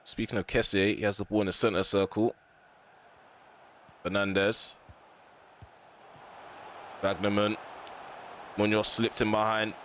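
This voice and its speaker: Frustrated male gaming commentator, low voice. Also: a little slow, pauses often, a little hiss or hum. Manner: frustrated, ranting at players and referee; excitable bursts at chances and goals. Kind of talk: live game commentary.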